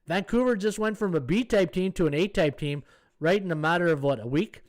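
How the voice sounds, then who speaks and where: A sports betting podcast host runs a live stream, thinking aloud in a casual, brisk way. His voice is a little high for a man, and he talks through the odds and viewer comments.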